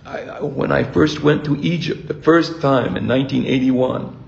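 An older man preaching a sermon as a priest, reflective and halting, often restarting his words. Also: medium pitch, steady tone, vocal fry, echoey room, highs cut off, a little hiss or hum.

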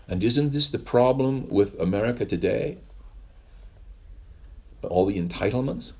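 A man's voice: on the low side, animated, unhurried, gravelly, pauses often, a little mellow, breathy edge. A male pastor giving a conversational sermon, telling stories in a rambling way with wry asides.

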